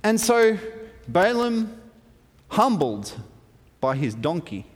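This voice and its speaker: A man preaches through a Bible story, playful and animated, with humorous asides. His voice sits high and swings widely. A long reverb rings around him in a large hall. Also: slow pace. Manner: lively, playful, with asides and chuckles.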